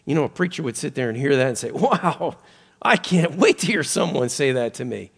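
A man's voice: a little high, animated, fairly quick, gravelly, breathy edge. A man preaching a sermon, reading scripture and explaining it with earnest emphasis that rises and falls. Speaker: pastor.

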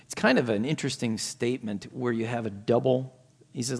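A man preaching a sermon, earnest, swinging from quiet asides to emphatic raised points. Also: mid-range voice, brisk.

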